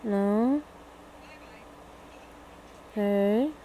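Young woman, gaming commentary, unhurried talk, thinking aloud, faint noise. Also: medium pitch, dark tone, poor audio. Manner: thinking aloud, jumpy and frightened during chases. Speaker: gaming video creator. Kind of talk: horror game commentary.

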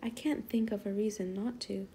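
Woman reading a stiff by-the-book storybook cop, mellow gravelly voice, half whispered. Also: medium pitch, steady tone, moderate pace, a little hiss or hum, lightly acted. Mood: officious.

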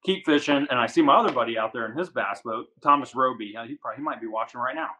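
A man from the Washington DC area, a guest angler, telling a story in casual chat, animated and full of "like". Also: mid-range voice, poor audio. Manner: animated, fast, says "like" a lot.

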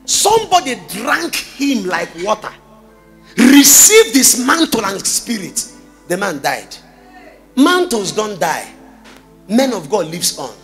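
A man with a Nigerian accent preaching a sermon, full of rhetorical questions and sudden shouted bursts. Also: high-pitched, sing-song, takes it slowly, soft background music. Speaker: pastor.

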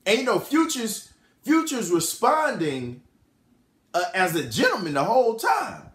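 Animated man telling a story in AAVE. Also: high voice, a little slow, reverberant. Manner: rambling, self-correcting, animated. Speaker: podcast host. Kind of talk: casual storytelling commentary.

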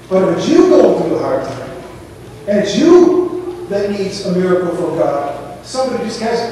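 A high-voiced man preaches in a relaxed, conversational way, slipping into storytelling. His voice comes from well off the mic and rings through a big echoey church hall. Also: moderate pace, distant mic, slight background noise. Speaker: pastor. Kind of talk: sermon. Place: church sanctuary.

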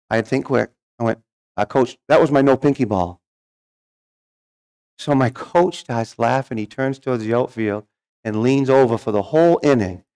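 Gravelly-voiced man telling a funny life story. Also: lowish voice, darkish tone. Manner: humorous, folksy, acts out quoted voices. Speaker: guest speaker. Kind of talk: storytelling testimony.

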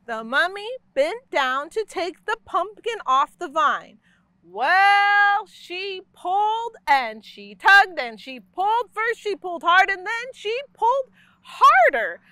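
A woman library storyteller reading a picture book aloud, expressive and full of sound effects. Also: extremely high pitch, slow, no echo.

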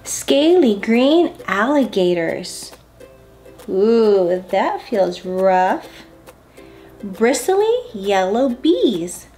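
A woman's voice: mid-range voice, big pitch swings, very slow, mellow, faint music behind. A woman hosting a story time, reading a picture book aloud to preschoolers in a playful, coaxing way, with gasps and questions for the children.

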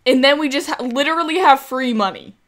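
A woman's voice: high-pitched, a little fast, a bit bright. A young woman giving casual, chatty commentary over her gameplay, often exasperated and talking back to the game's characters. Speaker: gaming creator.

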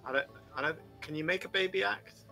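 A young man with a bright, ringing voice chats and jokes with friends over a headset. He talks his mates through tricky shots, quick and playful. Faint game music plays underneath. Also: fairly high pitch, vocal fry. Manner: joking, chatty, gives excited directions. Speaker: gamer. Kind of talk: casual game chat with friends.

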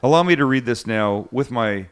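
A man's voice: medium pitch, animated, normal speed, smooth. A man hosting a cooking livecast, chatting casually and joking with his co-hosts in a rambling, self-interrupting way. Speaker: cooking show host. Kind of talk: casual chat on a live podcast.

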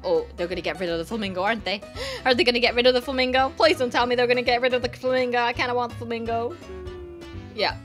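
A young woman narrating her gameplay with gushing excitement, her voice bright and fairly high. She bursts into exclamations as she reacts, with soft music playing behind her. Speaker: gaming vlogger.

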